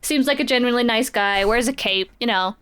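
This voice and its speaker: A chatty woman with a fairly high, smooth voice recaps a comic story for a podcast. She talks casually and drops playful quoted lines into her retelling. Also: fairly quick, a bit bright. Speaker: podcast co-host.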